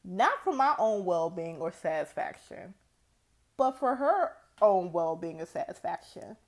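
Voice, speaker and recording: A young woman hosts her own podcast, speaking at an unhurried, leisurely pace. She talks in a chatty storytelling way, sprinkling in "like" and breaking into laughter as she goes. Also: on the low side, very animated. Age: young adult. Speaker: podcast host. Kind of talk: casual solo podcast monologue.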